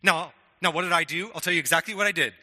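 Bright-voiced man preaching in echoing hall. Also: fairly high pitch, very fast. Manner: conversational, frequent "right?" and stammered restarts. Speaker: pastor. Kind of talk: sermon.

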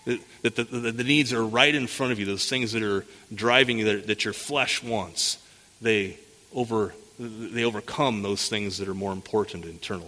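Bright-voiced man preaching in a hall. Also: medium pitch. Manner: expository preaching with rhetorical questions; frequent restarts and repeated words. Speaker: pastor. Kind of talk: sermon. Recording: long hall reverb.

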